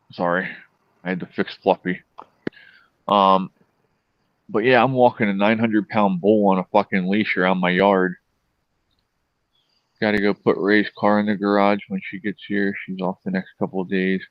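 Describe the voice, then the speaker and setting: A man's voice: lowish voice, dry recording. A middle-aged man from Pennsylvania hosting a casual chat, telling long profane farm stories. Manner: rambling, profane, anecdotal. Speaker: host. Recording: dull lo-fi sound, dry.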